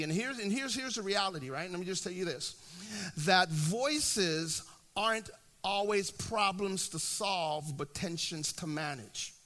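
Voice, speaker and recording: Male pastor, forties, very high sharp voice, conversational sermon delivery full of restarts. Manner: conversational preaching, often checks in with "right?"; frequent restarts and repeated words.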